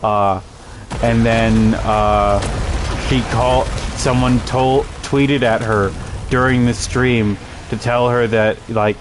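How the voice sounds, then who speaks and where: A man's voice: mid-range voice, fairly even intonation, takes it slowly, background noise. A man casually commenting over a game he is playing, telling rambling, amused stories. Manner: rambling, amused storytelling with fillers. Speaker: gameplay streamer.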